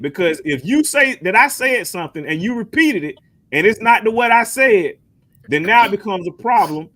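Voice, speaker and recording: A man's voice: sits high, fairly bright tone. A man hosting a casual call-in show, talking in long rambling runs and repeating words as he thinks. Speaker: host.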